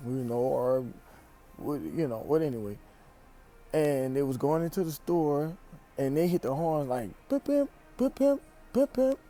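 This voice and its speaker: A young man from Louisiana with a Louisiana accent, giving an animated, emphatic slang-filled vlog monologue in a store aisle, recorded on a phone camera. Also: mid-range voice. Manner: animated, emphatic, repeats phrases, speaks in slang. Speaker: vlogger.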